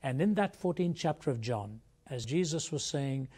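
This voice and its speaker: A man's voice: mid-range voice, lively intonation, measured pace, creaky, a little mellow, slightly rough. An older man from India, a Christian apologist, telling his life story as an interview guest in an earnest, reflective way.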